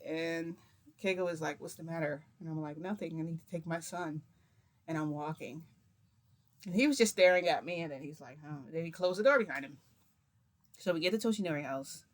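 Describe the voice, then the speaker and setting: A woman vlogger telling a long personal story to camera in a casual, rambling way, quoting herself and others. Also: fairly low pitch. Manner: rambling, retells with many "I'm like" quotes.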